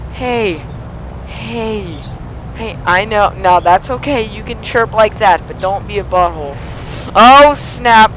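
A teenage boy giving let's play commentary on a flight combat game, yelping and pleading at the screen as he plays. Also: high voice. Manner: excitable, yelps and pleads at the game. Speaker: gaming YouTuber. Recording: noisy game audio behind voice. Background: engine and gunfire game sounds.

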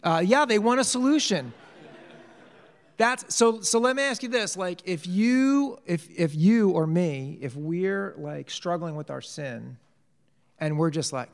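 A man's voice: sits high, expressive, normal speed, long reverb tail. A man teaching a casual church Bible study, joking with the group and asking it questions. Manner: joking, conversational, quizzes the group. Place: church hall.

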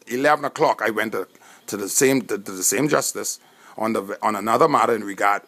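A man's voice: mid-range voice, a bit bright. A man with a Bahamian accent giving an impassioned, rambling monologue, full of indignation and frequent restarts. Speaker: self-recorded speaker.

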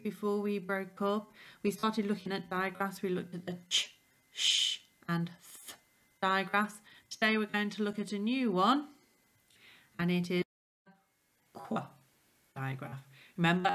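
A woman teacher gives young children a phonics lesson, sounding out letters slowly and clearly. Her voice is medium-pitched with a fairly bright tone.

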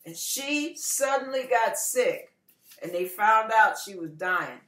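A woman pastor preaching an impassioned online sermon, moving from hushed, slow teaching to tearful, shouting fervor. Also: medium pitch, roomy sound.

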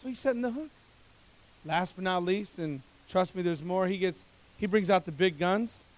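A man preaching as a pastor, moving from hushed, confiding passages to loud, climbing exhortations. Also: sits high, moderate pace. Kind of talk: sermon.

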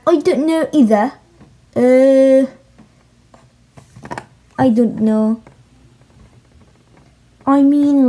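A woman's voice: high-pitched, mellow, slightly rough, full character voice. A woman voicing a hesitant young British schoolboy wizard hero with a put-on British accent.

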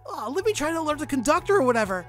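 A man hosting a let's play, reading a visual novel aloud with excitable, cursing commentary. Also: extremely high pitch, rapid-fire, soft background music. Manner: excitable, swears and exclaims at the game.

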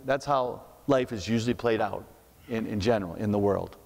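Pastor preaching in a reverberant church. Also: male voice, lowish voice, normal speed, vocal fry. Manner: conversational, asks rhetorical questions, repeats words. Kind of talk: sermon. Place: church sanctuary.

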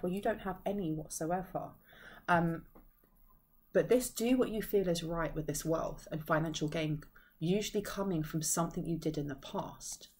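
Lady doing a tarot reading, kinda low voice, rambles and sighs, hunts for words. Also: a little mellow. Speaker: tarot reader and medium. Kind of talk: intuitive tarot reading to viewers.

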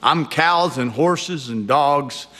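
A man in his seventies from the American South with a Southern accent, telling stories in a folksy, animated way in a documentary interview. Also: fairly high pitch, slow. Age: 70s. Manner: animated, folksy storytelling with big swings in voice. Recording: music bed underneath.

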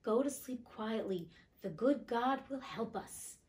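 A woman reading the lines of a brave young boy in a storybook, soft and reassuring. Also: on the high side, lively intonation, takes it slowly. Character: brave, calm young boy comforting his sister.

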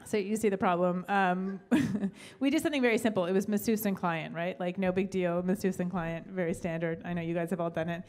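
A woman's voice: fairly low pitch, steady tone, a little fast, a little mellow. Woman telling stand-up stories. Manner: chatty storytelling, laughing at her own jokes. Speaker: stand-up comic. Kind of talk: stand-up comedy set. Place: small gallery before a live audience.

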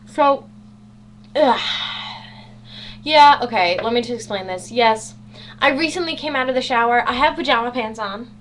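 A bubbly teenage girl vlogging from her room, her voice sitting a little high as she jokes about herself with a dry, sarcastic edge. A faint hum runs under the webcam audio. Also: normal speed, long pauses, a bit bright. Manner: bubbly, sarcastic, self-mocking. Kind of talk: casual chatty vlog. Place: home bedroom.

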